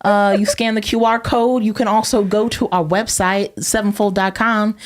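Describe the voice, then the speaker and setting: A woman's voice: medium pitch, fairly even intonation, moderate pace, few pauses. Playful woman co-hosting a live show. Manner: jokey, breaks into laughter, improvised rap. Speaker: co-host.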